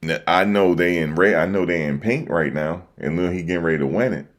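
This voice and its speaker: Very deep-voiced East Coast man. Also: brisk. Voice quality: very deep, slangy and repetitive. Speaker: livestream host reacting to election results. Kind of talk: casual livestream chat. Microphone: desk microphone.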